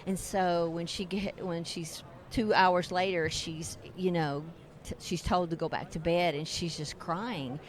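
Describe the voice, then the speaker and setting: A woman's voice: fairly low pitch, fairly even intonation, measured pace. A middle-aged woman, a ministry co-founder, telling a story in an earnest, heartfelt way during an interview at a convention. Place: religious broadcasters convention.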